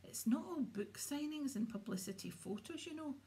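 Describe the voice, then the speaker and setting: A woman voicing a vain, smooth-talking male wizard teacher in a storybook reading, pompous and condescending. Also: sits high, expressive, normal speed, mellow, voice pushed up. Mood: smug.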